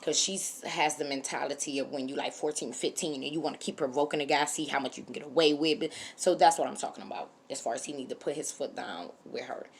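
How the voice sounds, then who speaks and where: Low-voiced opinionated woman vlogger. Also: fast, vocal fry, few pauses, a little hiss or hum. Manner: opinionated, animated, speaks straight to viewers. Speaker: reality TV reviewer. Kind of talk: casual opinion commentary.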